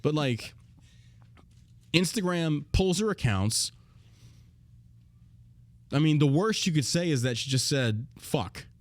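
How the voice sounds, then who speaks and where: A man's voice: fairly high pitch, expressive, slow pace, long pauses, dry recording. A man hosting a show, ranting bluntly and profanely in a casual, heated way. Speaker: show host. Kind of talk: casual political rant.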